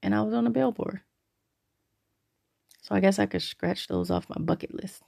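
A woman's voice: mid-range voice, moderate pace, vocal fry, warm tone, husky, dry recording, clean studio sound. A woman hosting her own podcast, telling a personal story in a laid-back, rambling, conversational way. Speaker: podcast host.

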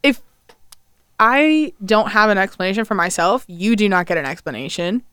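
A woman co-hosting a casual podcast, pushing back on her partner's points in quick bursts. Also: mid-range voice, animated, fairly bright tone, clear, resonant tone, no room sound, studio quality. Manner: defensive, laughs easily, talks in quick bursts. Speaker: podcast co-host. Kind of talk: casual chat.

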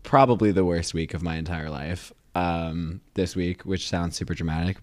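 A man in his twenties co-hosting a podcast, telling stories in a casual, animated way and acting out voices. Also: sits low, moderate pace, no echo, clean studio sound. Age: 20s. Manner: animated storyteller, acts out voices, laughs often. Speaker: podcast co-host. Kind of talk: casual chat.

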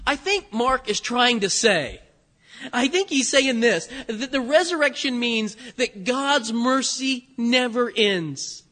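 A man preaching a sermon to a congregation in an animated, conversational way. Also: very high voice, slow pace. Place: church sanctuary. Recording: hall reverb.

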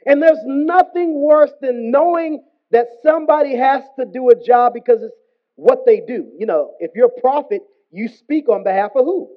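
A man's voice: very high-pitched, moderate pace. A man preaching a sermon in a casual, humorous and slangy storytelling style. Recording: dull lo-fi recording.

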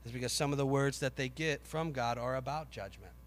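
A man preaching a sermon with passion, rising to shouts and acting out the voices of biblical figures. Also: medium pitch, brisk, long reverb tail, a little hiss or hum.

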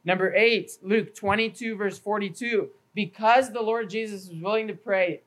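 A man's voice: high-pitched, moderate pace, a bit bright, poor audio. A man, a pastor, preaching an earnest sermon at a church evening service, working through numbered points and scripture references, sometimes stumbling and repeating a word. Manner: stumbles and repeats words now and then.

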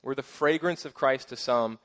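The sermon comes from a middle-aged man serving as pastor, speaking at an ordinary pace in a mid-range voice. He keeps things casual and playful with jokes and lively emphasis.

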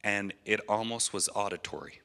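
A man's voice: fairly low pitch, normal speed, creaky, bright, forceful tone, clean tone. A man in his thirties giving an earnest, emotional testimony in a church sermon, often restarting his phrases. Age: 30s.

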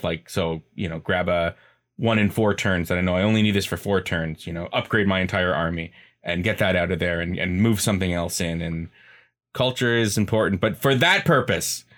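A man co-hosting a casual chat, emphatic and teasing. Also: low voice. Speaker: podcast co-host.

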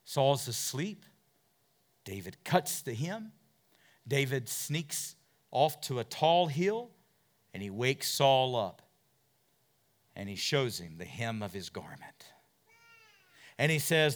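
A man preaching a sermon and retelling scripture stories, swinging from loud, urgent passages to hushed asides and asking his listeners question after question. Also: medium pitch, sing-song, takes it slowly, pauses often. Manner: asks the listeners many questions.

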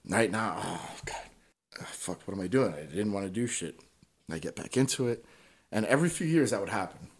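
A man's voice: lowish voice, animated, fairly quick, husky. A man telling stories as a podcast guest in casual conversation, swearing freely and tagging his points with "right?".

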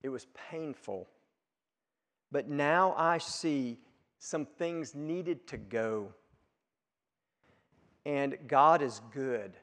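A man preaching a sermon, swinging from quiet, hushed asides up to loud, emphatic peaks. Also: fairly high pitch. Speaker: pastor. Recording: long hall reverb.

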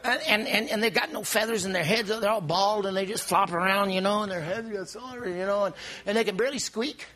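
A man preaching a sermon in an animated, storytelling way, repeating words and bursting into shouts for emphasis. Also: high-pitched, brisk.

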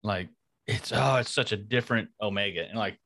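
A man's voice: lowish voice, fairly quick, creaky, a bit bright, dry recording, clean studio sound. A man co-hosting a casual podcast, bantering and laughing easily. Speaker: podcast co-host. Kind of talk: casual chat.

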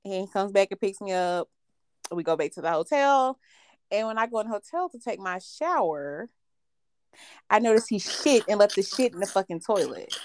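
A woman's voice: mid-range voice, big pitch swings, moderate pace, a little mellow, no room sound. A woman in her thirties, co-hosting a podcast, tells a long profane story in casual chat and laughs often as she talks. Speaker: podcast co-host.

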